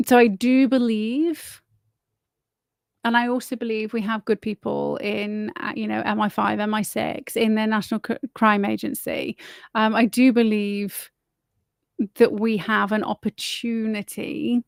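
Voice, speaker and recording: A woman's voice: fairly high pitch, little pitch movement, unhurried, creaky, no room sound, clean studio sound. A woman hosting her own livestream, rambling in a blunt, opinionated way and swearing freely. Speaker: livestream host. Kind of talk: casual opinionated monologue.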